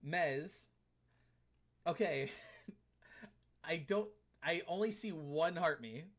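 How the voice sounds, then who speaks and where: Chatty male game streamer, slightly high voice. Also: extremely slow, fairly bright tone. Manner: chatty, laughs often, reads and answers chat. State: tired arms after a workout. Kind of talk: casual live-stream chat while gaming.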